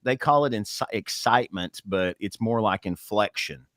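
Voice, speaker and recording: A man's voice: on the low side, moderate pace, a bit bright, no room sound, clean studio sound. A man co-hosting a casual podcast, explaining at length with many fillers and restarts. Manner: rambling, explanatory, lots of fillers. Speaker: podcast co-host and radio worker.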